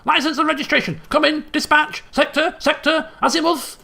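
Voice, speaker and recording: A man voicing a crazed woman who shouts police jargon into a megaphone in a video game. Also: extremely high pitch, fast talker, vocal fry, voice pushed up, exaggerated voice. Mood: frantic shouting. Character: crazed woman cop-wannabe screaming into megaphone.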